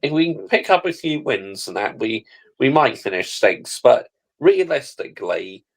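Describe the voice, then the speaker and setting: An easygoing, agreeable man chats about football in a relaxed, offhand way. His voice is mid-pitched for a man. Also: a little slow, poor audio. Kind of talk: casual chat.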